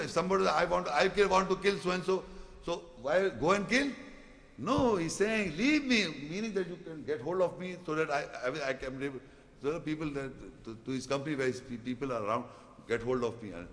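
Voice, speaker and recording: A man giving a Quran commentary lecture, reciting Arabic verses quickly and then explaining them in with repeated rhetorical questions. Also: a little high, long reverb tail. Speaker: Islamic preacher.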